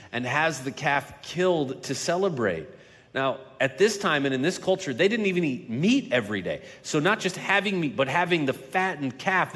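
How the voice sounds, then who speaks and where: A male pastor preaching a sermon, slowing down and dropping to a hush for emphasis, then building up louder on key points. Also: on the high side. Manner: dynamic delivery, slowing and dropping quiet for emphasis. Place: large church sanctuary. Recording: long reverb of a large hall.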